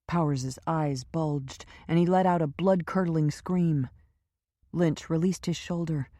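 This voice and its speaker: Woman reading a thriller audiobook, steady, dry studio sound. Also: sits low, slow, dry recording. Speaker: audiobook narrator. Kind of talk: scripted narration.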